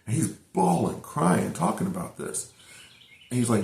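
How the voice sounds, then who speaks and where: A man's voice: mid-range voice, very animated, unhurried, vocal fry, a little mellow. A middle-aged man casually reviewing an episode, retelling the plot in a rambling way with many fillers and restarts. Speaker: anime reviewer. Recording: roomy echo.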